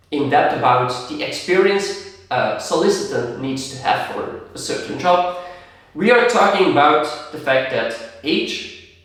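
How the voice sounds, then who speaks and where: A man's voice: a little high, fairly bright tone. A man hosting a podcast, explaining business ideas through examples and acted-out contrasts. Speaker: podcast host. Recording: very echoey room, distant mic.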